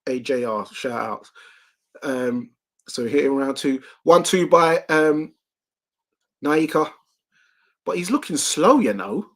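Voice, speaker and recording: A young man hosting a live watch-along, giving excitable play-by-play of a boxing match and reading out viewer comments. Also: mid-range voice, slow pace, long pauses. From United Kingdom.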